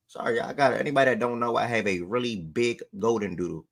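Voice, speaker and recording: A man's voice: medium pitch, fast talker, vocal fry, few pauses, a bit bright. A man hosting a sports livestream, talking to his chat in loose, slangy casual speech. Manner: loose slangy talk, breaks off to call his dog.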